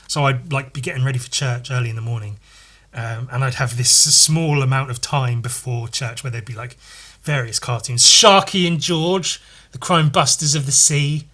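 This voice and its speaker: A man hosting his own podcast, chatting loosely and playfully while he sketches, swearing constantly and now and then breaking into loud goofy voices. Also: medium pitch. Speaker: artist hosting a solo podcast. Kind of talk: casual rambling chat while sketching.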